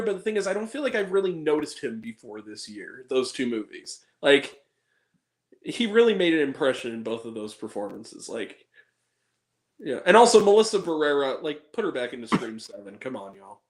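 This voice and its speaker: A man's voice: on the high side, a little fast, reverberant. A man hosting a casual film podcast, talking animatedly and quoting movie lines. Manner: animated, quotes movie lines in put-on voices. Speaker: podcast host.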